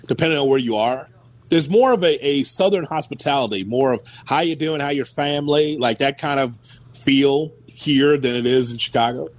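A man's voice: medium pitch, poor audio. A man co-hosting sports radio, patient and dryly teasing, who steers the talk and signs off the show. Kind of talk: casual radio banter.

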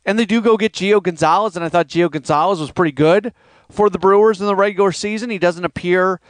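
Man, podcast host, solo sports talk, high smooth voice, rambling conversational delivery, dry close-mic sound. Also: fast, dry recording.

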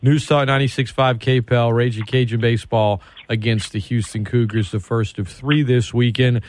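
A man's voice: mid-range voice, fairly even intonation, normal speed, a little mellow, no room sound. A man hosting a sports talk radio show, teasing his guest in a wisecracking way.

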